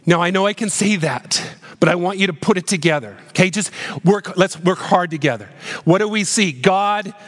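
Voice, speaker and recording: High-voiced male pastor in a reverberant hall. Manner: earnest, questioning, slows down on key phrases. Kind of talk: sermon.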